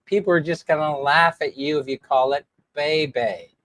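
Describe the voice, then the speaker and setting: A man's voice: a little high, steady tone, normal speed, fairly bright tone, no echo. A man rambling in a casual livestream chat, laughing often as he answers viewers. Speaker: vlogger reading live chat.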